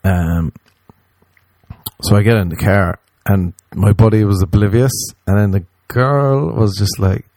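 A man's voice: fairly low pitch, a little slow, dry recording. A man casually telling a rambling, profane story, acting out what he and others said. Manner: rambling, profane, animated quoting of himself.

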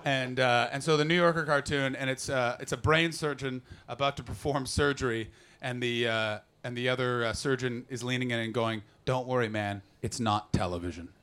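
A young man doing a stand-up comedy set, rambling quickly and shouting into sudden put-on voices. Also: mid-range voice, fairly even intonation, smooth. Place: comedy club stage before an audience. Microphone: handheld stage mic.

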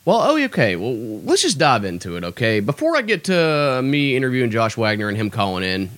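Young guy ranting on his podcast, swearing a lot, pitch all over the place, dead dry mic. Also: big pitch swings, fairly quick, fairly bright tone, no echo. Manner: profane, exasperated, self-deprecating. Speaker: stand-up comedian and podcast host. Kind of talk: ranting casual monologue.

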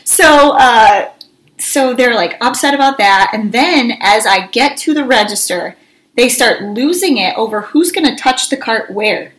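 A woman co-hosting a casual chat, telling animated stories and acting out her own yelling. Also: fairly high pitch, unhurried, poor audio. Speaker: co-host.

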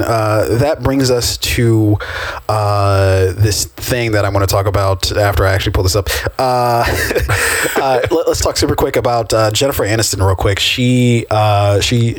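A man's voice: on the low side, no room sound. A man co-hosting a casual podcast, laid-back and profane, laughing often. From United States. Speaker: podcast co-host.

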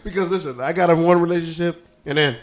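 A man co-hosting a podcast, tipsy and loud, bantering with lots of laughter and swearing. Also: on the high side, fast talker, a crowd in the background. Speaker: podcast co-host. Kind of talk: casual chat.

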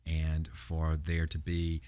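A man with a low, deep voice preaches a sermon, retelling a Bible story in an easy, conversational way. He pauses on fillers and restarts his phrases as he goes. The sound is dry and close, with no room echo. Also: monotone, warm tone, clean tone. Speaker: pastor.

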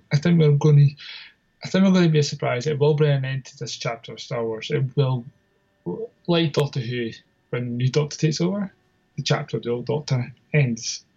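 Scottish guy rambling on a podcast, raspy husky voice, kinda muffled audio. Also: medium pitch, darkish tone. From Scotland. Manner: rambling, self-deprecating, chuckles often. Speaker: podcast co-host. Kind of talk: casual podcast chat.

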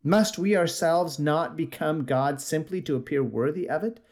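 A man's voice: fairly high pitch, moderate pace, a little mellow. A preacher voicing a frantic male madman who hurls urgent questions at a crowd.

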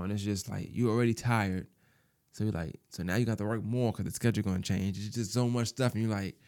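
A man in his thirties talking through his thoughts in a personal monologue, soft-spoken and halting, often repeating words and filling with "you know". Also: on the low side.

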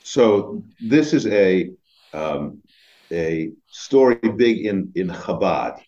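A man co-hosting a casual discussion, telling a story with many pauses and fillers. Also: low voice, expressive, dark tone, dull audio. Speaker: rabbi, co-host.

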